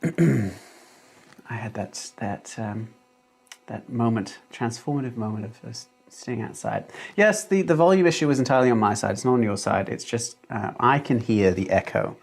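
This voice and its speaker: Chatty man with a gravelly English accent. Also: on the low side, unhurried. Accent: English accent from British parents, living in Australia. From Australia. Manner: rambling and chatty, with many fillers and restarts. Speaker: livestream host and mapmaker. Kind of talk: casual livestream chat. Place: a small home room. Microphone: desk mic, no headphones.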